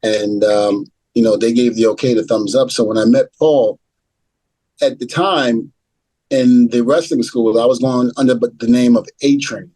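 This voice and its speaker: A man's voice: mid-range voice, steady tone, normal speed, mellow, no echo, rough recording. A middle-aged man, a retired wrestler being interviewed, telling a story and acting out the dialogue as he goes. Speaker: retired pro wrestler, guest.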